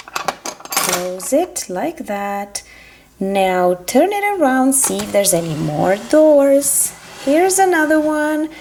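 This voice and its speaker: A woman's voice: on the high side, a little mellow, a little hiss or hum. A young woman narrating a toy farm play for children, sing-song and full of animal sounds.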